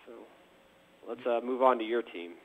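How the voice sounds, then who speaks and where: A tired man co-hosting a fantasy football show, talking in a measured way and stumbling over his first words. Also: mid-range voice, narrow, tinny audio. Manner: measured, stammers at starts. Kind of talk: casual chat.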